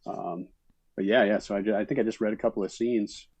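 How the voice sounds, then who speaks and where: A middle-aged man from Minnesota talks through his stories in a relaxed, rambling way, with lots of fillers. His voice sits very low and stays level. The sound is close and dry. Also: fast talker, no echo, low-quality recording. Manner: relaxed storytelling, many fillers. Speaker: actor guest. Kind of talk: casual interview chat.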